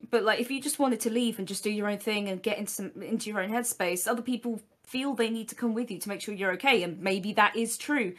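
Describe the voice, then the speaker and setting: A woman in casual group chat, blunt and reflective, swearing and getting animated when telling stories. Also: medium pitch.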